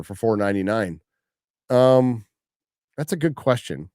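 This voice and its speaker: A man's voice: fairly low pitch, slow pace, darkish tone, clean tone, dry recording, clean studio sound. A middle-aged man hosting a livestream, reading out viewer questions and answering in a blunt, profane way, often repeating phrases for emphasis. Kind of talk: casual profane livestream chat.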